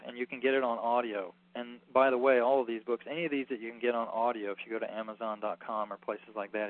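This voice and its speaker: A man giving a rambling, earnest informal lecture as a healing workshop teacher, full of fillers. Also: mid-range voice. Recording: tinny phone-like recording.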